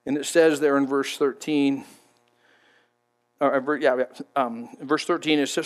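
A man's voice: medium pitch, steady tone, normal speed, long pauses. A man preaching a sermon in a conversational, emphatic way, often repeating words as he goes. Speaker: pastor.

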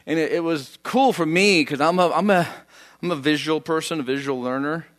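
A man's voice: on the high side, fairly quick, a bit bright. A man preaching a conversational sermon, telling the story in a folksy way with chatty asides. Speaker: pastor.

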